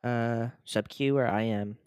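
A person hosting a podcast in casual chat, asking relaxed, curious questions and giving short reactions. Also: medium pitch, unhurried, clean tone. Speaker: podcast host.

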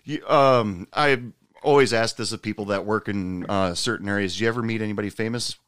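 A man's voice: fairly low pitch, brisk, fairly bright tone, clean tone, dry recording, clean studio sound. A man hosting a casual interview, asking questions with easy fillers and chuckles. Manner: easygoing, chuckles, hesitant fillers. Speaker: interviewer, host.

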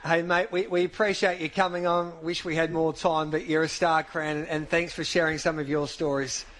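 A man's voice: on the high side, flat delivery, normal speed, fairly bright tone. A male radio host thanking a guest and reading out a statement. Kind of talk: radio show hosting.

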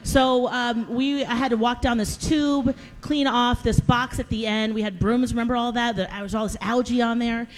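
A woman co-host telling a funny story in casual chat, animated and acting out quotes. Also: on the high side, moderate pace, hardly any pauses. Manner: animated, laughing, acts out quotes.

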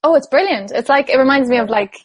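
Irish woman singer gushing about music, bit high voice, dry close sound. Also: animated, quick pace, husky, no room sound. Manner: chatty and enthusiastic, many fillers. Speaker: singer guest. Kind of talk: casual interview chat.

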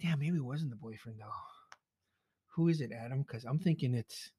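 A man recapping a horror movie in casual chat, excitable and profane, acting out his own reactions. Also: mid-range voice, normal speed, husky. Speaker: movie reviewer.

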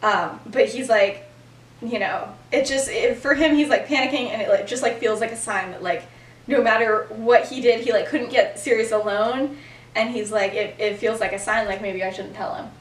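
Speaking at a moderate pace in a highish voice, a young female podcast host casually retells a story to a friend. She's chatty, full of "like" fillers, and laughs along the way, all picked up with a roomy, far-off sound.

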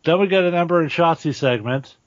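A man's voice: a little high, brisk, no echo. A man co-hosting a podcast who chats about wrestling, asks his partner questions and makes sarcastic asides. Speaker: podcast co-host. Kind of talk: casual wrestling recap chat. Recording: dry, dull lo-fi audio.

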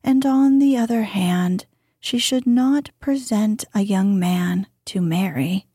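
Female reader for bedtime readings: slow, mellow tone, soft and gentle delivery. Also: mid-range voice, slightly rough, no echo, studio quality. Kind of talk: calm bedtime reading of an old book.

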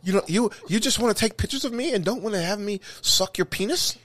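A man with a high, very lively voice swings all over as he tells crude stories on a podcast. He talks loud, profane and laughing, in casual banter from the studio. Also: fast talker, a little hiss or hum. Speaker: podcast co-host.

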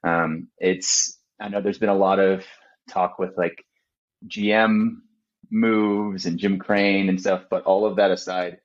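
Deep-voiced young man, muffled line. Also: flat delivery, slow. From Austin, Texas. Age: young adult. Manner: easygoing, many fillers. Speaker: podcast guest. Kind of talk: casual chat.

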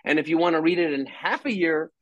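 A man speaking as an interview guest about his faith, talking in an animated, rambling way with many restarts. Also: fairly high pitch, quick pace, no echo. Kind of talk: faith testimony in conversation.

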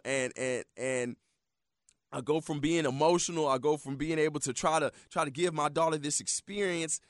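A man in his thirties hosting a motivational radio talk show, telling stories in an animated, preachy way and calling his listeners y'all. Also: a little high, dry recording, clean studio sound. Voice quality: animated storyteller, swings loud when excited.

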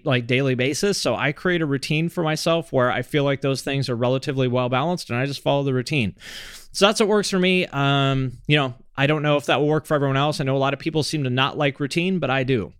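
A man hosting a podcast, answering listener questions in a relaxed, rambling way with lots of fillers. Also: on the high side, clear, resonant tone, no room sound, clean studio sound. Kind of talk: casual chat.

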